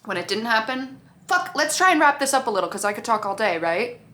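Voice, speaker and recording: In a highish, expressive voice that's brisk, pushed, and bright, a TV show reviewer chats to her camera about a show. She's profane and casual, performing what the characters said.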